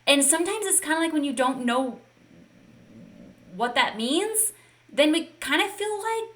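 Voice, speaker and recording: Woman fitness coach hyping up her viewers live, bright forceful voice, kinda high. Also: expressive, a little slow. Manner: upbeat, encouraging, talks straight to the viewers. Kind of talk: live online coaching session.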